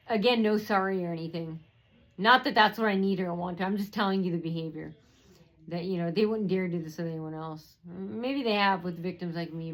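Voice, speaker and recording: A woman's voice: medium pitch, low-quality recording. A woman telling a personal story in a rambling way, with many fillers and restarts.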